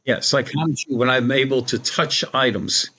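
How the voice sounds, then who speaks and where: A man's voice: medium pitch, moderate pace, sharp tone. A middle-aged man telling a personal story as a podcast guest, in a colloquial, rambling way, acting out the dialogue he quotes. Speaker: guest, psychic medium. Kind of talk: conversational storytelling.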